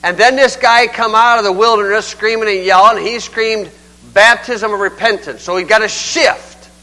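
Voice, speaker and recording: An older man preaching in a homespun, talky way, leaning hard on his points. His voice sits high for a man and rings bright and forward. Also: fairly even intonation, normal speed, rough recording. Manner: folksy, conversational, emphatic. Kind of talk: sermon.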